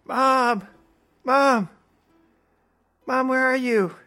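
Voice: mid-range voice, a little slow, a bit bright, soft background music, pitched above the performer's own voice. A player voicing a panicked young man who pleads frantically through near tears.

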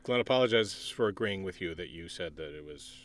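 Lively wry man co-hosting a podcast. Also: low voice, a little fast, slight background noise. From Pennsylvania, US. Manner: wry, rates jokes dryly. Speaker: podcast co-host. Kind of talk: casual chat.

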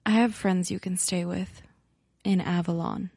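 A woman's voice: fairly low pitch, steady tone, unhurried, creaky, darkish tone, slightly rough, dry recording, clean studio sound. A woman playing in a tabletop role-play, talking plainly and matter-of-factly. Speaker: player.

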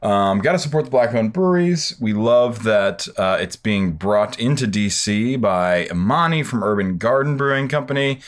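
A man hosting a casual podcast chat, upbeat and full of shout-outs. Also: lowish voice, lively intonation, moderate pace, few pauses. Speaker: podcast host.

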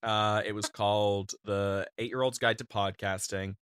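A man in his twenties co-hosting a comedy podcast, trading dry, jokey deadpan asides. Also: lowish voice, normal speed, smooth, no echo. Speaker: podcast co-host. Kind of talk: casual comedic banter.

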